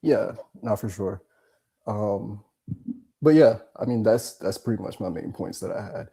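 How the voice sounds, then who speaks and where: A man's voice: lowish voice, animated, measured pace, gravelly, warm tone, slightly rough. A male caller wrapping up his points in a casual, supportive way, with lots of filler words. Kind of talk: casual call-in discussion.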